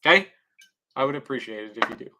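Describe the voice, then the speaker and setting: Male streamer, bright tense tone, loose profane rambling talk to his viewers. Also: mid-range voice, animated, fast talker. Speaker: livestreamer. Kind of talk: casual livestream chat.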